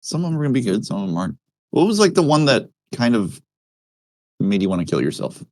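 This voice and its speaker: A man in casual chat, animated and blunt, joking and swearing with his co-host. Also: fairly low pitch, quick pace, no echo.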